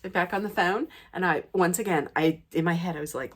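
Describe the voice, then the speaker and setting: A woman vlogger telling an anecdote in an animated, excitable way. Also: on the low side, fast, few pauses. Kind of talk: storytelling anecdote.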